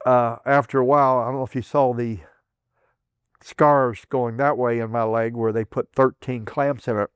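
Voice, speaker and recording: A man's voice: fairly even intonation, moderate pace, clean tone, no echo, clean studio sound. An older man from southern Indiana, a veteran telling his memories in an oral history interview, rambling with restarts and chuckles. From southern Indiana, USA. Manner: acts out quoted voices with raised pitch.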